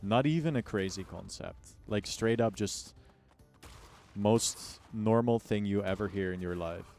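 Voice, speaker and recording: A man's voice: fairly low pitch, unhurried, a little mellow. A male streamer chatting casually while he plays a game. He jokes loosely with his chat, swears freely and laughs often between his lines.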